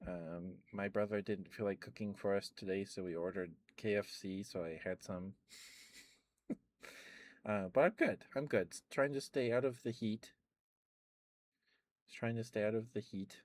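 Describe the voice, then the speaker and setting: Soft-spoken low-voiced young man. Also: unhurried, pauses often, no echo. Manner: rambling, laughs often, repeats phrases. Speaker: ASMR streamer. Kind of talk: soft-spoken ASMR chat.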